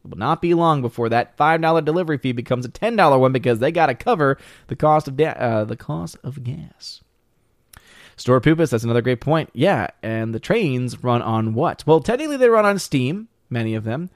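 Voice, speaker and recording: A man hosting a casual livestream, talking his way through viewer comments in a rambling, self-interrupting manner. His voice sits at an ordinary middle pitch. The recording is dry and close, with little room sound. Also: animated, brisk, no echo. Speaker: livestream host reading chat.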